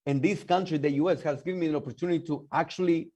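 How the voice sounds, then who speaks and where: A man from El Salvador with a Salvadoran Spanish accent, speaking in a high, husky voice. He tells his story emphatically as a podcast guest and keeps addressing listeners with "guys" and "okay?". His late-thirties voice is slightly breathy. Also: steady tone, racing, a little mellow. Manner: emphatic, repeats "okay?" and "guys", frequent restarts. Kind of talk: personal storytelling in a podcast interview.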